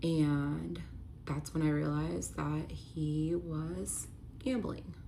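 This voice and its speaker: Low-voiced woman telling an emotional story. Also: steady tone, very slow, creaky, mellow, a little hiss or hum. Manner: candid, many "like" fillers, rises to pleading when reliving the argument. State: emotional, near tears. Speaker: vlogger telling a personal story.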